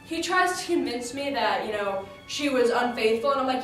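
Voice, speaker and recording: A woman with a fairly high voice tells a tragedy in character at a moderate pace, sounding chatty and indignant with plenty of fillers and restarts. Soft music plays behind her in an echoey room, with a distant mic and faint ambience.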